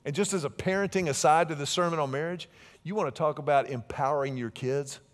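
A middle-aged man preaching a sermon in a conversational way, with asides and big swings between loud and soft. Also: fairly high pitch, quick pace. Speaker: pastor.

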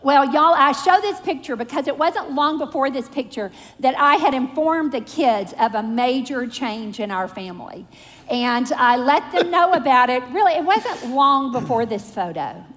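A woman's voice: high-pitched, animated, normal speed, fairly bright tone, big-room sound. A middle-aged woman speaking from the pulpit to her congregation, chatty, playful and self-mocking as she prays and shares family stories. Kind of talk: prayer and church talk. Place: church sanctuary.

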